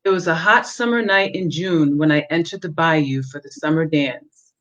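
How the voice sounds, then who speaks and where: Excerpts from her novel are read by the woman author in a low, somewhat bright voice. The pace is measured, a handful of fillers appear, and the audio is dull and lo-fi.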